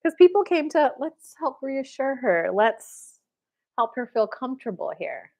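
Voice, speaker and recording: Animated woman hosting a spiritual livestream. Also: high-pitched, a little slow. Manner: animated, acts out quoted voices. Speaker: livestream host giving spiritual readings. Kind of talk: casual livestream chat.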